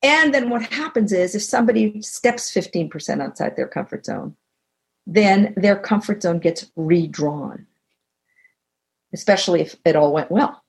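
Older lady, gravelly voice, reflective, tells stories in an interview, lively when she quotes people. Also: mid-range voice, moderate pace. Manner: reflective, tells anecdotes, animated when quoting others. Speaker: guest author and teacher. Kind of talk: conversational interview. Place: video call.

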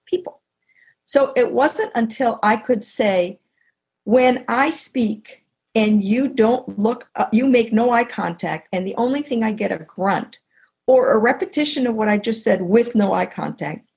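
A middle-aged woman talks through her points in an interview, her voice husky and rough with a gravelly edge. She tells stories with energy and plays out the voices of the people in them. Her pitch sits right in the middle. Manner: animated storytelling, acting out quoted dialogue. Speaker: guest, communication expert. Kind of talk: conversational interview.

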